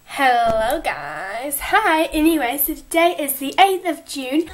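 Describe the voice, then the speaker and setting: A woman chatting casually to her viewers in a vlog, bubbly with greetings and often filling pauses with "anyways". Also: high-pitched, animated, noisy background. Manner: chatty, fills gaps with "anyways". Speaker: vlogger.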